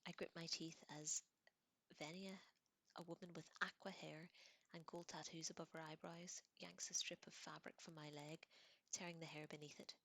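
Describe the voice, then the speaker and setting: Woman, soft whispered book reading, half-whispered, low-key, low flat voice, bright tone. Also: normal speed, no room sound. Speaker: audiobook reader.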